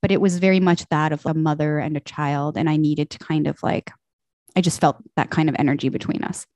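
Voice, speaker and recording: Lowish woman telling a story, dry sound. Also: fairly quick, no room sound. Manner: animated, acts out quoted voices. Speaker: podcast guest. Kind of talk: casual storytelling chat.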